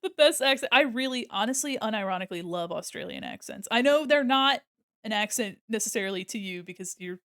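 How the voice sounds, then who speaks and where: A woman's voice: on the high side, animated, a little fast, fairly bright tone, no room sound, studio quality. An American woman with a neutral General American accent, chatting casually with viewers while drawing on stream, rambling and laughing often. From United States. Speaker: art streamer.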